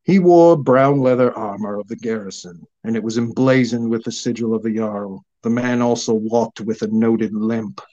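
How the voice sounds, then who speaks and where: A man's voice: medium pitch, normal speed, few pauses, warm tone, lo-fi sound, natural voice. A man voicing an angry, cruel old crone witch who snaps and sneers, in a storybook reading. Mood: resentful. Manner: snapping, sneering.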